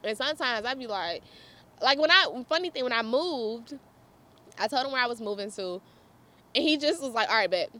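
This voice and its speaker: Brief: young woman, casual storyteller, swooping lively voice, a bit high, laughs often, chats to viewers. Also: moderate pace, long pauses. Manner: animated, laughs often, chatty asides to viewers. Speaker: vlogger.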